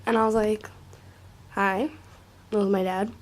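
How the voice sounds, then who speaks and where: A young woman casually telling a rambling, profane story to camera, full of filler likes and often dropping to a hushed near-whisper. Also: mid-range voice, level tone, unhurried.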